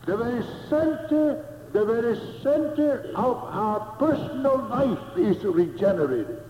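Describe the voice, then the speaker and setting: Male preacher, high voice, deliberate sermon delivery, dull lo-fi sound. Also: expressive, warm tone, slight background noise. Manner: slow, emphatic, repeats key phrases. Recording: echoey hall, dull lo-fi sound.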